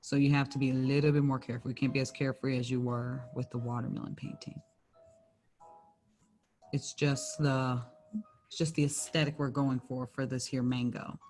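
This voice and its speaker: A woman's voice: extremely low pitch, little pitch movement, normal speed, a little mellow, soft background music. A young woman working for a library, teaching a small painting class in a casual, chatty way with lots of "like" and self-corrections. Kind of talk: casual craft tutorial.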